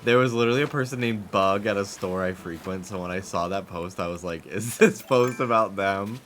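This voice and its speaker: A man's voice: deep voice, steady tone, fast, a bit bright, a little hiss or hum. A man chatting casually on a game stream, swearing often and laughing as he rambles.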